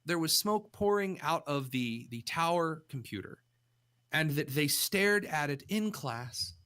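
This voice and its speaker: A young man hosting a radio talk show, telling funny stories with lively shifts of voice. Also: unhurried. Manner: animated storyteller, jumps pitch for quoted voices. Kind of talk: casual radio chat.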